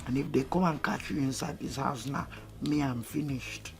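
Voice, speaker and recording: A man's voice: mid-range voice, moderate pace, gravelly, close to an everyday voice. An actor with a Nigerian Pidgin accent playing a nervous, hesitant young man hiding his girlfriend. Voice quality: hesitant, timid. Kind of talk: film comedy acting. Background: film score music.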